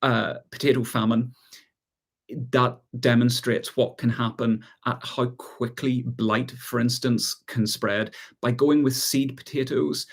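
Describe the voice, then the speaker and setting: A man's voice: medium pitch, takes it slowly, gravelly. Irish man hosting a chatty garden livestream. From Ireland. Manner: relaxed, chatty, reads out viewer comments and laughs often. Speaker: gardening channel host. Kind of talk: casual live chat answering viewer questions.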